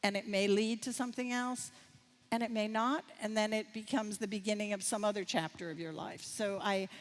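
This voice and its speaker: A woman's voice: mid-range voice, fairly even intonation, fairly quick. Older american woman, casting director chatting candidly at a masterclass, lots of ums, echoey hall. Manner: candid storytelling with many fillers and restarts. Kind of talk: masterclass conversation. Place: festival stage. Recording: reverberant hall.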